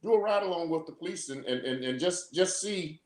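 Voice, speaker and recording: A man's voice: on the high side, lively intonation, a little fast. A man who is a former police officer, explaining steadily on a live video call and often repeating his words. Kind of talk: live video talk show discussion. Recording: echoey room.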